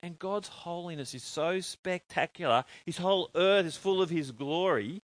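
Animated preacher with a dry, close sound. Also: male voice, sits high, moderate pace, no room sound. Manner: animated, asks the congregation questions. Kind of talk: sermon.

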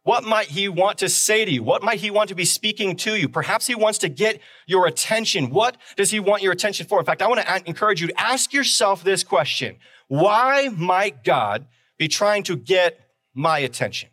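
A man's voice: high voice, fairly quick, few pauses, bright, forceful tone, dry recording. A man preaching a sermon as pastor on a live stream, talking conversationally and driving points home with repeated phrases and rhetorical questions.

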